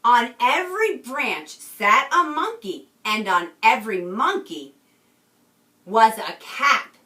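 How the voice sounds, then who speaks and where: A woman teacher reading a picture book aloud to a class with expression, pausing often to ask the children questions, recorded in a roomy space from a distance. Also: a little high, big pitch swings, bright, forceful tone.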